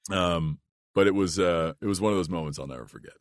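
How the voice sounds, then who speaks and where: A man from the United States, an actor and podcast guest, telling an anecdote in an animated, casual way and laughing through it. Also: low voice, fast talker, no room sound, clean studio sound. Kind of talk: casual storytelling.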